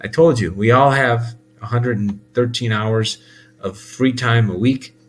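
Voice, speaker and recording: A man's voice: mid-range voice, a little slow, faint music behind. A man talking casually in a rambling monologue, full of fillers, restarts and laughs. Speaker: host.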